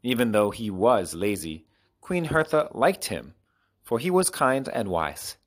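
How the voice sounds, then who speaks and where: Low-voiced man reading children's stories. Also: measured pace. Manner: clear, expressive storytelling. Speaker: narrator.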